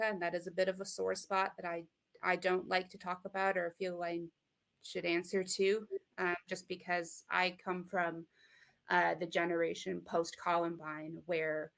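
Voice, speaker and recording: A woman's voice: on the low side, vocal fry, fairly bright tone. A young American woman from Michigan with a Midwestern accent, speaking thoughtfully as an interview guest, with many fillers and restarts. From Michigan, USA. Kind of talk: casual interview talk.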